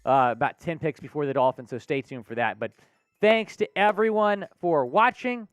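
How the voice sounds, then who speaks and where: A man's voice: on the high side, normal speed, smooth, dry recording, lo-fi sound. A man hosting a live sports talk stream, answering viewers' chat comments by name in an upbeat, conversational way. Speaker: sports show host.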